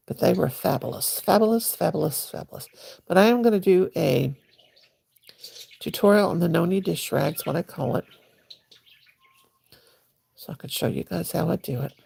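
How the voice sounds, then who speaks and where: A woman's voice: fairly low pitch, moderate pace, vocal fry, pauses often, dark tone, husky. A woman hosting a crochet livestream, chatting to viewers in a rambling, folksy way while she crochets. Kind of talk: casual livestream chat.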